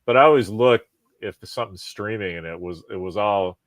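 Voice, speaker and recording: A man hosting a podcast, talking in a rambling, profane, animated way with lots of restarts. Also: fairly low pitch, brisk, no echo. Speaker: podcast host. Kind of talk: casual chat.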